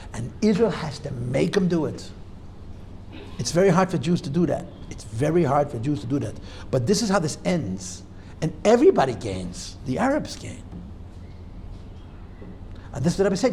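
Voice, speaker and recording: A man's voice: fairly high pitch, very animated, brisk, long pauses, warm tone, a little hiss or hum. A man teaching a Torah class as a rabbi, emphatic and repeating key points while debating his students. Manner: emphatic, argues back and forth with students.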